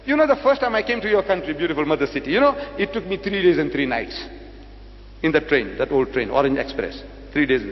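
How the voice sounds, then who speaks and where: A man's voice: on the high side, big pitch swings, fast. An older man from South Africa preaching to an audience, dramatic and full of rhetorical questions, repeating phrases for emphasis. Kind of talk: public lecture to an audience. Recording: lo-fi hall recording with faint hum.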